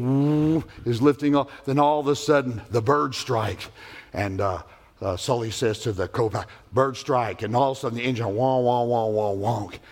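A man preaching a sermon as pastor, emphatic and animated, telling stories with vivid sound effects. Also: medium pitch.

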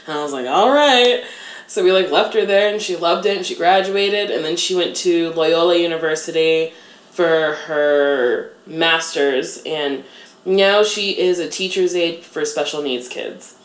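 Thirtysomething woman, lowish voice, rambly self-deprecating interview chat, lots of "like". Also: measured pace. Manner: chatty, self-deprecating, heavy use of "like". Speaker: interview guest. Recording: echoey room.

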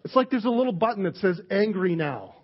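A man's voice: sits high, racing. A man, preaching a casual sermon with candid jokes and acted-out quotes. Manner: candid, joking, acts out quoted people. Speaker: pastor. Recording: dull lo-fi sermon recording.

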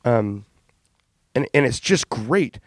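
A man's voice: medium pitch, slow pace, no echo, clean studio sound. Candid man telling band stories. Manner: candid, animated anecdotes with swearing and laughs. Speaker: band frontman and singer. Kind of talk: casual interview storytelling.

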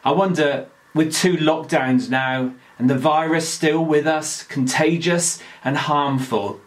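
A man giving a daily devotional talk, reading scripture aloud in a slow, earnest, measured way. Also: fairly high pitch.

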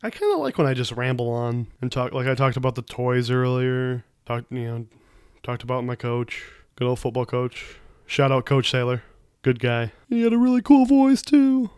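Smooth-voiced man rambling on his podcast. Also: medium pitch, moderate pace, dry recording, clean studio sound. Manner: rambling, loose, self-correcting. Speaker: podcast host. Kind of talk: casual solo podcast chat.

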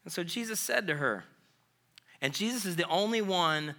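A man delivering a sermon in a conversational but impassioned style. His voice is slightly high and very sharp and forceful, and he drops quick asides to his congregation as he goes. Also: animated. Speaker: pastor.

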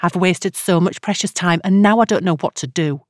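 Woman narrator doing a bitter, brittle female caller; low, dry audiobook read. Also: normal speed, no echo, lightly acted. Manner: brittle, snappish. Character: bitter shaky middle-aged woman caller. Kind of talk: audiobook character reading.

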